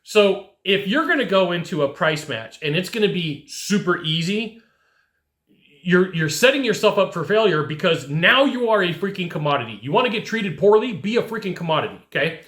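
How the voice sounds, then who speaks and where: A man giving an animated sales coaching talk, speaking straight to the listener and often checking in with "right?". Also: sits high, moderate pace. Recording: echoey room.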